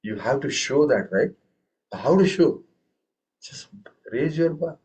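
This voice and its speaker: A man's voice: a little high, very animated, measured pace, darkish tone, muffled recording. A man teaching a tabla lesson. He asks his students question after question and recites drum syllables with strong stress on the first one. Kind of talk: online group music lesson.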